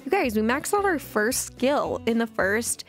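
Woman, high voice, excitable chatty let's-play commentator talking to viewers. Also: measured pace, faint music behind. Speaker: gameplay commentator.

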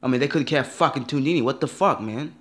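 A man's voice: mid-range voice, fast, fairly bright tone. A man ranting in a vlog, upset and rambling, repeating himself and swearing often. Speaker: vlogger.

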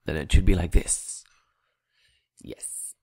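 Low-voiced man rambling over gameplay. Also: a little slow, a little mellow, no room sound, clean studio sound. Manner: rambling, chatty, mutters at himself with filler words; plays with a vague put-on accent. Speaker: Minecraft builder commenting on his build. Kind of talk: casual gameplay building commentary.

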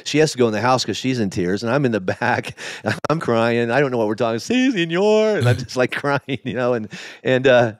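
A middle-aged man, a pastor, telling his story in a candid interview, halting with many restarts. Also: mid-range voice, no echo, clean studio sound. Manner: emotional, halting, with many restarts and quoted asides. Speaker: lead pastor.

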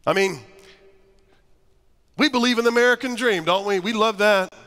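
Pastor type, high and bright-voiced, preaching with humor and lively asides in a reverberant church. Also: male voice, normal speed. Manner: animated, humorous storytelling to a congregation. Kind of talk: sermon. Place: church sanctuary.

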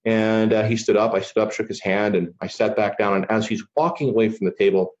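A middle-aged man speaks as a podcast guest in a low, earnest voice. He tells his story casually and leans on "you know" between thoughts. The sound is muffled and lo-fi. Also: steady tone, a little fast, a little mellow. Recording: dull lo-fi recording.

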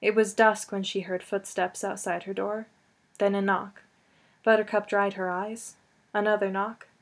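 Female audiobook narrator, expressive storyteller. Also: mid-range voice, a little slow. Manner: expressive, lingers on emotional lines. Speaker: audiobook reader.

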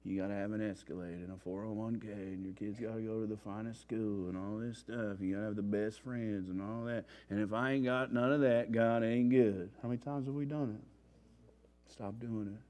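A man's voice: on the low side, a little fast. Slangy man preaching his testimony in church. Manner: slangy, street-talking storyteller; animated, acts out his own past panic. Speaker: testimony speaker at a recovery revival. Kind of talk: sermon-style testimony.

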